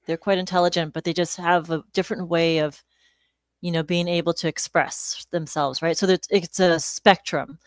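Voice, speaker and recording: A woman in her forties, a speech-language pathologist guest, explaining calmly and informatively. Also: on the low side, moderate pace, no room sound. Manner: calm, informative, with "you know" fillers. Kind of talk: explanatory interview talk.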